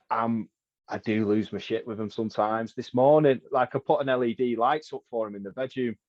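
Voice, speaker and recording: A man's voice: on the low side, darkish tone, no room sound. A man, a podcast guest, talking in a candid, rambling, reflective way. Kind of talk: casual podcast chat. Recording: dull dry lo-fi audio.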